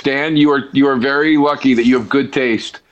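A man's voice: medium pitch, steady tone, brisk, muffled recording, a loud crowd. A man co-hosting a comedy talk show, ranting bluntly and swearing in a casual chat.

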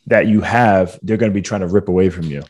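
A man's voice: deep voice, fast, a little mellow. A man hosting a podcast, asking questions hesitantly and rephrasing as he goes. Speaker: podcast host. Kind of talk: interview questions.

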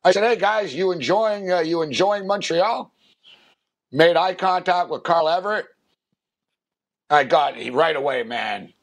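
A radio host on a sports talk show tells a long story in casual chat, his voice a touch high for a man. Speaking a little slowly and pausing often, he wanders, restarts and piles on fillers. He does animated impressions when quoting people.

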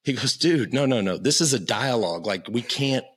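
A man's voice: medium pitch, animated, moderate pace, slightly rough. A man in his fifties telling stories as a podcast guest, casual and profane, with lots of stammering restarts. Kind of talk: casual storytelling.

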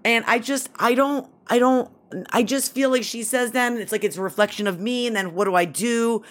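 Animated woman radio co-host. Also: on the high side, a little fast. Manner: animated, exclamatory, storytelling. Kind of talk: casual radio banter.

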